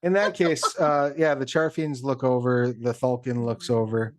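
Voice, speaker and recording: A man's voice: medium pitch, moderate pace. Chatty man running a tabletop game. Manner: relaxed, chatty, loose with fillers. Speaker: game master.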